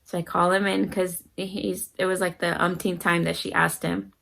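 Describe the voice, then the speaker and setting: Earnest gravelly-voiced mother giving advice. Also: on the low side, level tone, normal speed, fairly bright tone, low-quality recording. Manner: earnest, acts out her kids' voices. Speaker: parenting vlogger. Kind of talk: casual advice talk to camera.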